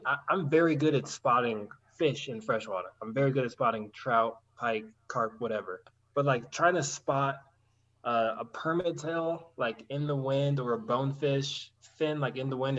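A man's voice: mid-range voice, lo-fi sound. A man in casual chat, telling stories animatedly and acting out the voices of others, swearing freely. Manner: animated storytelling, acts out quoted voices, swears.

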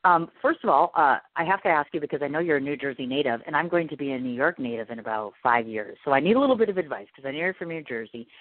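A woman from the Midwest hosting a podcast interview, excitable and gushing, calling herself nervous. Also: sits low, quick pace, few pauses, no room sound. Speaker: podcast host. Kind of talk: casual interview chat. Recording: dry, tinny phone-like sound.

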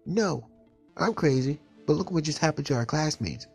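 A man voicing a frightened, defensive teenage girl in a spoken storybook, talking in a high, shaky, pleading way. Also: lively intonation, moderate pace, creaky, a little mellow, slightly rough, faint music behind, heavily acted.

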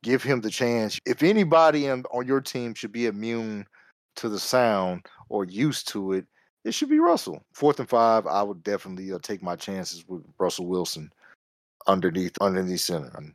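This is a man with a low voice chatting casually on a sports talk show. The sound is dry and close, and he keeps a laid-back, joking manner. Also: big pitch swings, moderate pace, no room sound. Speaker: podcast co-host.

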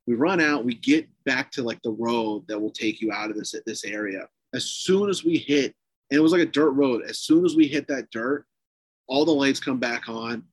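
A man's voice: mid-range voice, normal speed, breathy edge, no room sound. A man, a podcast guest, casually tells a long ghost story with lots of swearing and fillers. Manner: profane, animated, lots of fillers.

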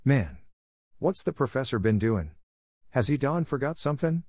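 A man's voice: medium pitch, very animated, moderate pace, darkish tone, slightly rough, no room sound, studio quality, voice pushed up. A man reading the part of an older woman housekeeper who speaks in a drawling, folksy dialect. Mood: fussing. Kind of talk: audiobook character reading.

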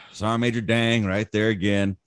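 A man in his thirties, an army veteran, telling war stories in casual chat, profane, animated and boastful. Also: on the low side, unhurried, smooth, dry recording, studio quality.

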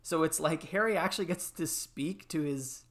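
A man's voice: fairly high pitch, moderate pace. Chatty man recounting film scenes. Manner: animated storytelling, fillers. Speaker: podcast panelist. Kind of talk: casual chat.

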